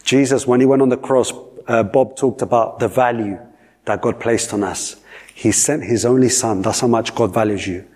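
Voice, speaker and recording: Emphatic preacher with a husky voice. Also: male voice, mid-range voice, moderate pace, darkish tone. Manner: repetitive, emphatic, asks the audience questions. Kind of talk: sermon.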